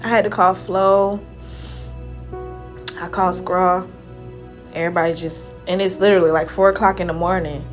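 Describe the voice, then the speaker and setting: A young woman hairstylist talking casually to the camera in a vlog, retelling events in an emotional, chatty way and often trailing off softly. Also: fairly low pitch, steady tone, moderate pace, pauses often, faint music behind. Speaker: hairstylist vlogger.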